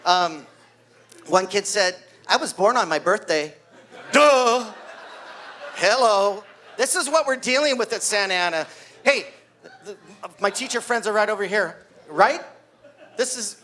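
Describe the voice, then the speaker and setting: A man's voice: sits high, unhurried. A man in his sixties doing stand-up at a party, a wrestling coach telling stories and acting out the kids. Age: 60s. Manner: animated storyteller, acts out kids' voices. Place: party venue with live audience.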